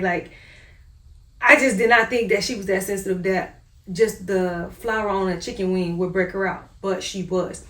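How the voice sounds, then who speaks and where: A mother casually telling her family's story in an animated way, acting out her own reactions. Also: medium pitch, normal speed. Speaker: mother sharing her family's diet experience. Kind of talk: casual personal storytelling monologue. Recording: echoey room, voice far from the mic.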